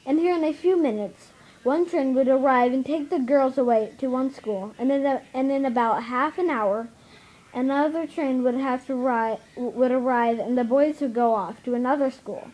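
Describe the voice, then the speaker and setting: A woman reading a children's novel aloud, halting with many stumbles and restarts. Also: high-pitched, dark tone, low-quality recording. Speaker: reader.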